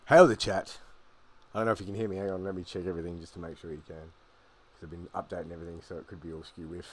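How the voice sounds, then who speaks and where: A man's voice: low-pitched, fairly even intonation, rapid-fire, slightly rough. A man hosting a casual livestream, chatting loosely to his viewers and swearing often while he checks his setup. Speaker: livestream host.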